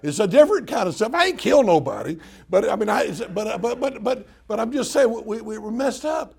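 A man's voice: high-pitched, very animated, a little fast, gravelly, a little mellow, husky. An older man preaching a folksy sermon, joking with the congregation and acting out prayers in mock-crying voices. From Southern US. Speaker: pastor.

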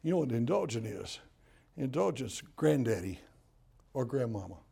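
A man's voice: medium pitch, sing-song, moderate pace, gravelly, dark tone, slightly rough. An older man from Tennessee with a Southern accent, preaching a sermon in a folksy, humorous storytelling way.

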